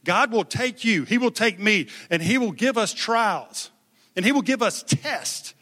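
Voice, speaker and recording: Bright-voiced male pastor preaching. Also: high-pitched, expressive, a little slow. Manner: emphatic, conversational, call-and-response. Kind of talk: sermon. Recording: long hall reverb.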